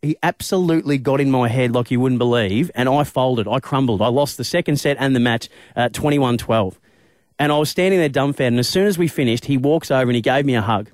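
Fast-talking Australian radio host. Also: male voice, mid-range voice, no room sound, studio quality. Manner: animated, quick anecdote telling. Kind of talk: storytelling on breakfast radio. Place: radio studio. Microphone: studio microphone.

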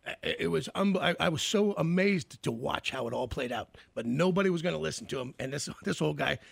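A man's voice: fairly high pitch, animated, fairly quick, gravelly, no echo. A male radio host telling a story in a casual, rambling way, trailing off and starting over.

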